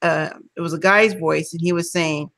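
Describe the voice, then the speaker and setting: A woman's voice: on the low side, moderate pace, no room sound. Woman telling stories on a video call. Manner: animated storyteller, laughs often. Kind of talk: casual group video chat.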